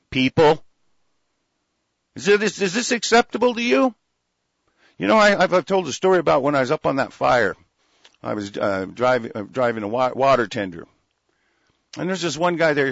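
Man, fairly high voice, furious profane ranter who trips over his words, dry and dull lo-fi sound. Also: no echo. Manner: angry, heavy cursing, stumbling restarts. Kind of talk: profane ranting commentary. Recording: dull lo-fi recording.

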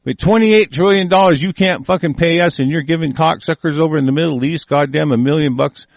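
A man tears into his targets in a heated, foul-mouthed rant, combative and relentless. His voice sits a touch high for a man. The sound is dry and close, with no room echo. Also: brisk, vocal fry. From United States. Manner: profane, heated, combative, swears constantly. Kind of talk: angry political rant.

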